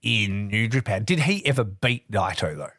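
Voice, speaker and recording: Man, podcast co-host, low pitch, dry sound, animated, cursing, casual chat. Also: normal speed, no room sound. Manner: swears a lot, animated, acts out wrestlers' lines.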